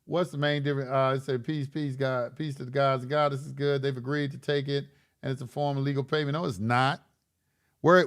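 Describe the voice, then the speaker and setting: A man hosting a live stream, reading chat questions and answering them in a blunt, lecturing way with casual slang, often repeating himself. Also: medium pitch.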